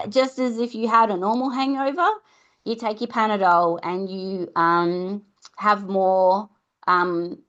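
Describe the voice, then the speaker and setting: A woman's voice: mid-range voice, muffled recording. A woman hosting a podcast, talking casually and giving reassuring advice to mums, sometimes acting out little conversations with a child. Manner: chatty, warm reassurance, acts out mum-and-child exchanges. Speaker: podcast host.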